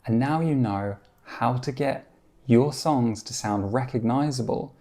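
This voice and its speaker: A man gives a guitar lesson in a gravelly, mellow voice. He explains calmly and encouragingly, counting out beats and singing short bits of melody to demonstrate. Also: mid-range voice, unhurried. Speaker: guitar teacher.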